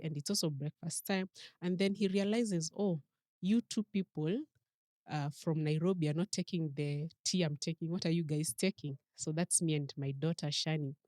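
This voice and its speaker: Low-voiced Kenyan woman telling a story. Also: normal speed, dry recording. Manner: lively storyteller acting out quoted voices. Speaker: podcast guest. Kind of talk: storytelling interview.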